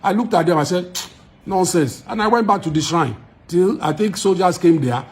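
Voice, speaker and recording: In a brisk, expressive, high voice, a musician with a Nigerian accent speaks directly to his followers on camera. His delivery is argumentative and emphatic, with points repeated for force.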